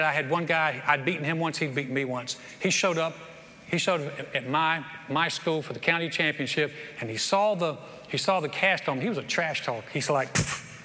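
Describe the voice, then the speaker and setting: A man delivers an animated sermon in a bright, somewhat high voice. He stumbles and restarts often as he tells his stories. The sound carries a long church-hall reverb over faint background noise. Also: normal speed. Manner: animated storytelling with repeated restarts. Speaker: pastor. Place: church sanctuary.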